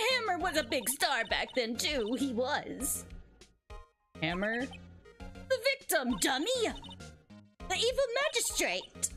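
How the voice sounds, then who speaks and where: A woman's voice: a bit bright, heavily acted. A woman voicing a bossy, nosy old woman security guard in a mock British accent during a game let's play. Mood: gossipy. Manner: scolding, shrill, grumbling.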